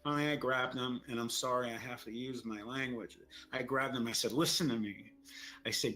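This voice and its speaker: A man's voice: medium pitch, steady tone, brisk, poor audio. A middle-aged man telling a frightening story, shaken and stammering, repeating his words as he goes. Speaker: storyteller recounting an encounter. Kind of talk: emotional first-person storytelling.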